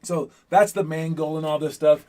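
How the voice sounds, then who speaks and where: A man coaching young basketball players in a casual pep talk, energetic and rambling, often checking in with "all right?". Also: fairly high pitch, normal speed. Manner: rambling, repeats words while thinking.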